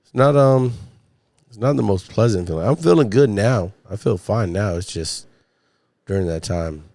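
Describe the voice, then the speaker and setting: This man hosts a casual solo livestream, rambling and swearing as he chats with viewers, his voice still worn from a recent illness. His voice sits on the low side, expressive and mellow, at a normal pace. The recording is dry, made on a studio mic through a podcast mixer.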